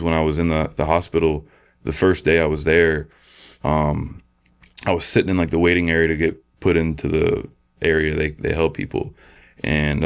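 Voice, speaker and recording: A man, a podcast guest, sharing a personal testimony in a halting, soft-spoken way with many fillers and restarts. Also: extremely low pitch, creaky, clean tone. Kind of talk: personal testimony in casual conversation.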